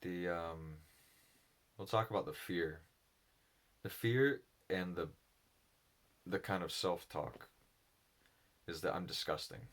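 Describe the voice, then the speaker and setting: A man speaking alone in a slow, reflective monologue, halting and thoughtful, with a low voice. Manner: halting, thoughtful, with pauses and restarts. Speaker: solo speaker on personality psychology.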